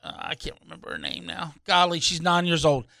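High, bright male voice; charter captain spinning a fishing tale on a talk show, rambling, animated, dry close studio sound. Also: a little fast, vocal fry, no echo. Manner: rambling, animated, restarts with "anyhow". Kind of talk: casual radio storytelling.

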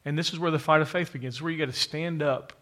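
A male preacher delivering a sermon to a church congregation. His voice sits a little higher than most men's, and he presses his points with emphatic repetition, turning to address the room directly. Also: steady tone, rapid-fire, a bit bright. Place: church, to a live congregation with an online audience.

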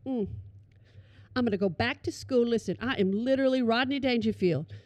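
Middle-aged woman, comic storytelling, lively, fairly high voice, dry close sound. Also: normal speed, no room sound. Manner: animated, addresses listeners as y'all.

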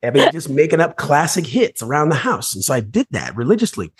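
A man, a motivational speaker, telling his life story as a podcast guest, animated and acting out voices and scenes. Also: on the high side, fairly quick, husky.

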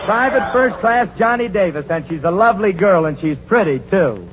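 A man's voice: high voice, animated. Breezy man hosting a radio quiz. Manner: breezy, joking, quick banter. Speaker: quiz show host and bandleader. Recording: dull, hissy 1940s radio broadcast.

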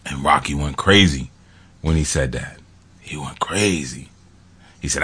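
A man's voice: rumbling low, a little slow, fairly bright tone, slightly rough. A man talking in a rambling, casual monologue, laughing often and acting out quotes from films.

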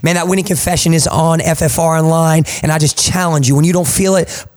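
A man's voice: a little high, fairly even intonation, a little fast, hardly any pauses, a little mellow. A man with a New Jersey accent hosting a podcast, talking with hype and motivational energy. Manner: hype, motivational, calls people man and boss. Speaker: podcast host. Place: studio.

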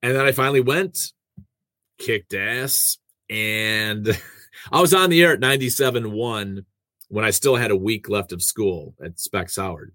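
A man's voice: on the low side, animated, measured pace, sharp tone, no room sound. A man in casual conversation, telling the story of his career as a radio host and producer with self-deprecating asides.

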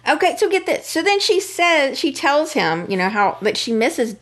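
A woman's voice: high voice, big pitch swings, moderate pace, a bit bright. A woman co-hosting a podcast, casually recapping soap opera scenes in a chatty way, with fillers and quoted lines. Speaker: podcast co-host.

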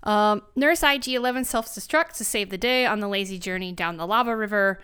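Woman, podcast co-host, sassy and dry, bright and smooth voice. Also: mid-range voice, brisk. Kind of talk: casual podcast chat.

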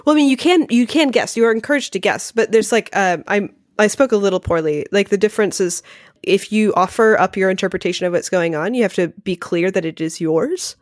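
A woman's voice: mid-range voice, no room sound, clean studio sound. A woman guest on a podcast, chatting casually and animatedly, with a lot of "like" between her words. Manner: rapid and animated, heavy use of "like". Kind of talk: casual conversational interview.

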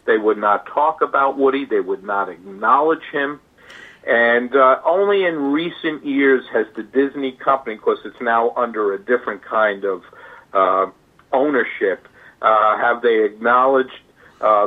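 A male author being interviewed, telling a history in a halting way with many fillers and restarts. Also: medium pitch. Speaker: author guest. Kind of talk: interview storytelling. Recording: tinny phone line.

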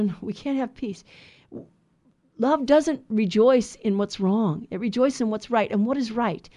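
A woman's voice: on the high side, darkish tone. Earnest woman preaching on scripture. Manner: earnest, exhorting, motherly asides. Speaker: Bible study host. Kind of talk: sermon-style Bible teaching.

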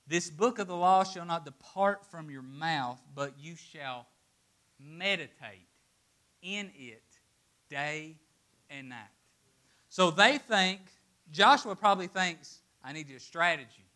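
A man preaches a sermon with a bright, slightly high voice. He swings between loud, emphatic declarations and hushed, almost whispered lines. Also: animated, slow.

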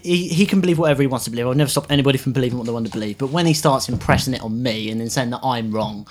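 Fast-talking blunt man. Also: medium pitch. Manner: blunt, argumentative, repeats words when worked up. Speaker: podcast co-host. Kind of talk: casual chat, storytelling.

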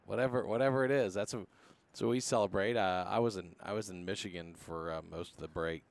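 A man hosting a casual podcast, talking in a rambling, joking way. His voice sits fairly low, and he keeps stopping to restart his sentences. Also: quick pace, creaky, no room sound. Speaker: podcast host.

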